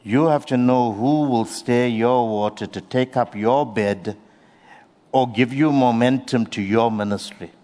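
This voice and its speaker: A man preaching a sermon, earnest and unhurried, leaning on slow emphatic phrases. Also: medium pitch, darkish tone, in a large hall.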